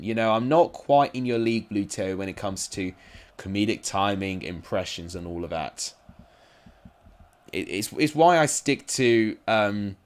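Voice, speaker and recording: A man giving casual live-stream commentary on simulated football matches, chatty and rambling, with asides to his viewers. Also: on the low side.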